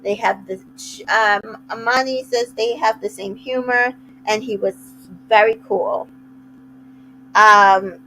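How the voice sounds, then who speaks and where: Woman host, unhurried chatty recap delivery, slightly high voice, faint hum behind. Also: vocal fry, a bit bright, poor audio. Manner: chatty, retells scenes with quoted asides. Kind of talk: casual recap chat.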